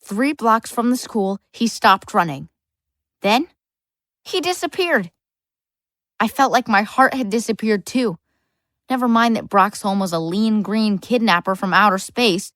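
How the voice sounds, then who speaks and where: A woman's voice: mid-range voice, unhurried, fairly bright tone, dry recording, clean studio sound, natural voice. A woman narrating a full-cast audiobook as a lonely, bookish boy, earnest with wry asides. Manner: earnest first-person storytelling, wry asides.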